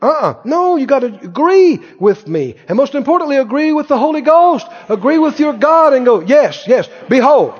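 High-voiced preaching man in a reverberant hall. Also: brisk, few pauses. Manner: animated, quizzing the congregation with questions. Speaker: pastor. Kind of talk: sermon. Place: church sanctuary. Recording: dull sound with long hall reverb.

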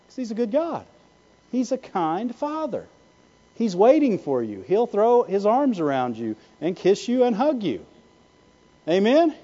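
A male pastor preaches with a high, lively voice that leaps up and down as he keeps asking the congregation for an "Amen." His tone is mellow and warm rather than sharp. The recording sounds a little dull and muffled. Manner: animated preaching, repeated "Amen?" and "Why?" to the congregation. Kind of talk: sermon.

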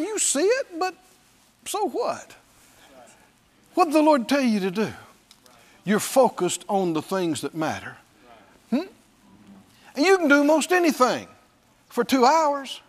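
High-voiced, animated man preaching. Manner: animated, laughs often, acts out quoted voices. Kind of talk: sermon.

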